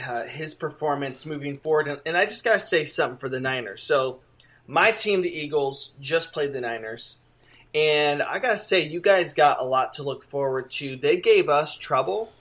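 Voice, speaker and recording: Male podcast co-host, higher voice, chatty and teasing, dull lo-fi sound. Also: fairly bright tone. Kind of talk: casual fantasy football chat.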